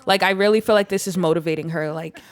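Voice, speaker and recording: A young woman with a lowish voice talks quickly over gameplay, her casual commentary packed with filler words. She also speaks for the game characters, imagining what they're thinking.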